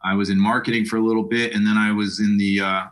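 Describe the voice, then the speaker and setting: A man's voice: lowish voice, level tone, fast talker, fairly bright tone. A middle-aged man talking as an interview guest, often restarting and repeating words as he tells his story. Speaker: guest, apartment broker. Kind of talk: casual interview conversation.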